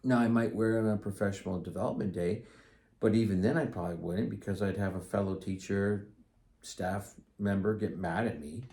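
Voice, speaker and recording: A man's voice: on the low side, normal speed, mellow. A middle-aged man hosting his own podcast, talking casually and earnestly, rambling a little with restarts and asides. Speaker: podcast host. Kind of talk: casual solo talk.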